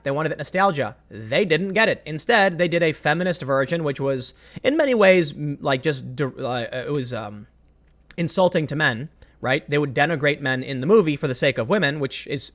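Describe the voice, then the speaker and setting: A man's voice: a little high, a bit bright. A man delivering a rambling, opinionated commentary monologue as host, often stopping and restarting his sentences. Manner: rambling, self-interrupting, emphatic.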